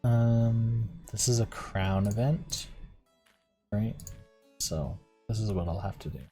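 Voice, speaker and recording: This man's fairly low, husky voice carries a warm tone and moves slowly, with faint music behind him. He's streaming a visual novel, reading the text out loud and thinking casually about his choices in between, let's-play style.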